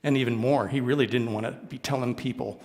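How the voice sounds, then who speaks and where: A male minister telling a storytelling sermon in a playful, animated way in a worship hall. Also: medium pitch, brisk. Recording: reverberant hall.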